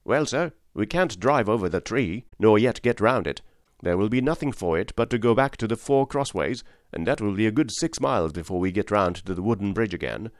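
A man voicing a steady, kind coachman who speaks in a practical, plain way. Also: lowish voice, fairly quick, dry recording, clean studio sound, natural voice.

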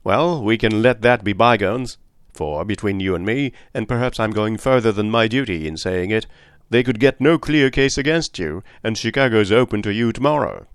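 A man voicing a gruff, good-humoured middle-aged police captain who talks in a bluff, bantering way. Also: fairly low pitch, moderate pace, no echo, studio quality, close to an everyday voice.

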